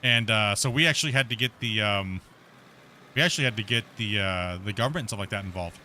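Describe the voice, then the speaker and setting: Man, streamer host, casual voice chat, rambling anecdote, lots of fillers, sharp bright tone, faint background noise. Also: on the low side, fast.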